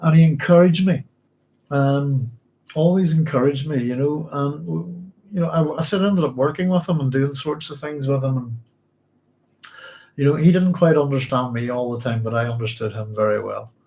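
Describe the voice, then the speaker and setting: A tired middle-aged man from Northern Ireland with a mixed Northern Irish and English accent, speaking to an audience in a halting, reflective way with many restarts as he talks about his late father. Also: a little high, vocal fry, warm tone, slight background noise. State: physically tired. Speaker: podcast host. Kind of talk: emotional personal storytelling to a live audience.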